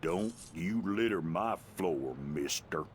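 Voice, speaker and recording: An actor playing a rough, folksy man in a video game who drawls colloquially, menacing one moment and gleeful the next. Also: sits low, expressive, slow, a little hiss or hum. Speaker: game character.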